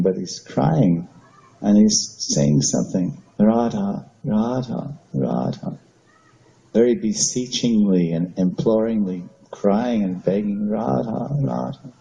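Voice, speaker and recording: A man's voice: fairly low pitch, mellow, low-quality recording. A man giving a devotional scripture talk, rambling with restarts and chanting Sanskrit names. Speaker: Vaishnava preacher.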